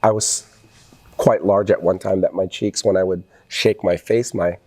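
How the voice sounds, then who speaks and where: A man's voice: deep voice, steady tone, moderate pace, a little mellow. A middle-aged man, a podcast guest, talking earnestly and with some emotion about his family in a casual interview.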